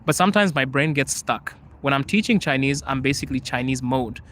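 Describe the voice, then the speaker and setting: A man's voice: mid-range voice, animated, a little fast, a bit bright, a little hiss or hum. A young man from Zimbabwe hosting a live chat, answering viewers casually, laughing often and switching languages. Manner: laughs often, switches between English, Chinese and Russian. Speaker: podcast host.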